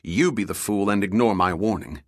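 A man voicing a calm, resolute male marine agent who speaks firmly and insistently. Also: on the low side, moderate pace, no echo, studio quality, lightly acted. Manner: firm, level and insistent.

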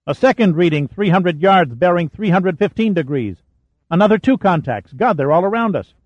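A man's voice: on the high side, dry recording, pitched above the performer's own voice, lightly acted. Man doing a keyed-up young console operator. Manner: rapid, keyed-up.

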